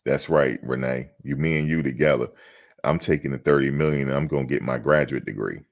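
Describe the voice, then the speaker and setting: A man hosting a casual sports talk show, joking and acting out mock quotes in an animated, laid-back way. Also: rumbling low, fairly quick, gravelly.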